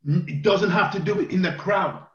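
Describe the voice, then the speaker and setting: Animated man leading Bible study. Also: sits high, a little fast. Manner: animated, repeats phrases for emphasis. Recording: roomy, dull lo-fi sound.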